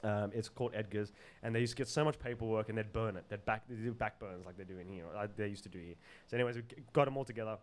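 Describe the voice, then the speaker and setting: A man telling stories as a podcast guest, animated and loose with slang and swearing, laughing often. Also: lowish voice, very fast, hardly any pauses. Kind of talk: casual storytelling in an interview.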